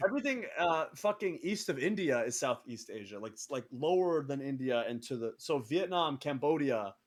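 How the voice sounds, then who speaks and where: A man from the Middle East co-hosting a casual chat, excitable, swearing and quick to argue. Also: medium pitch. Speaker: podcast co-host.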